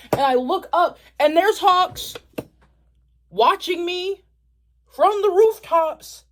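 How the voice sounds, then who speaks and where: A woman's voice: very high-pitched, lively intonation, takes it slowly, long pauses. A young woman telling a story to camera in a casual, profane, laughing way. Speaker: vlogger.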